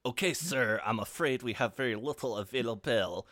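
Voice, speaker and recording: A man's voice: medium pitch, moderate pace, a bit bright, natural voice. A man voicing a polite female French hotel receptionist in a put-on French accent.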